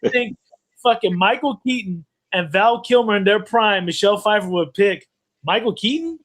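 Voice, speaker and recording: A man's voice: high-pitched, expressive, normal speed, fairly bright tone. A man in casual livestream chat, arguing his point with hypotheticals.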